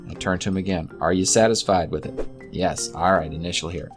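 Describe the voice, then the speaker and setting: Man, lower voice, reads legal clauses aloud, light humorous asides, soft background music. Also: a little fast. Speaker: real estate investor explaining a form. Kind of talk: casual explainer reading a document aloud.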